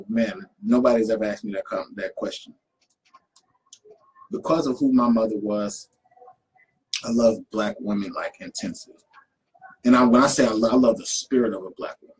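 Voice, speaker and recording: A young poet who leads a youth program tells stories in casual conversation, animatedly acting out the people he quotes. His mid-range voice moves at a moderate pace with long pauses, on poor audio with slight background noise.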